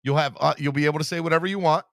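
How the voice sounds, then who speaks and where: A man hosting a live fan podcast in a casual, teasing, animated way, hyping himself up. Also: a little high, racing, gravelly, no echo, studio quality. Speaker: podcast host.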